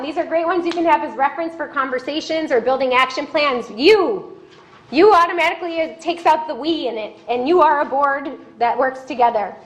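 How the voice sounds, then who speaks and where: Chatty high-voiced woman lecturer. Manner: chatty, conversational, lively asides. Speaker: governance trainer. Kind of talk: classroom lecture. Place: meeting room.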